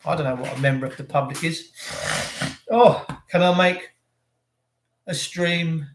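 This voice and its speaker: A man's voice: on the high side, unhurried. A man hosting a livestream, talking in a rambling, sarcastic and opinionated way and chatting to his viewers. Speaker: livestream host. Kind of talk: rambling ranting monologue. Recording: roomy echo.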